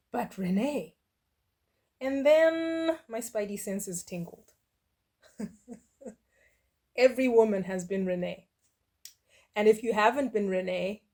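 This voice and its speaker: A woman's voice: medium pitch, darkish tone. Sassy middle-aged woman reacting. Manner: sassy, blunt and mocking, with dismissive asides. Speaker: reaction video host. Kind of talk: casual reaction commentary.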